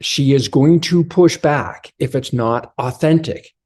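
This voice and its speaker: A man's voice: mid-range voice, a little slow, a little mellow. A man giving a blunt, direct motivational coaching talk to other men about relationships, speaking straight to his listeners as brothers.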